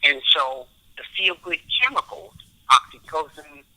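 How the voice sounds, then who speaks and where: A man's voice: on the high side, a little slow, vocal fry, bright, forceful tone, poor audio. A man speaking as a podcast guest, explaining brain science through everyday stories from his own life. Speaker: podcast guest, relationship expert. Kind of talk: podcast interview.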